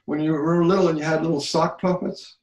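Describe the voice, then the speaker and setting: A man's voice: fairly high pitch, level tone, fairly quick, darkish tone, reverberant, poor audio. A man teaching a healing practice in conversation, earnest and repetitive, often checking that he is understood.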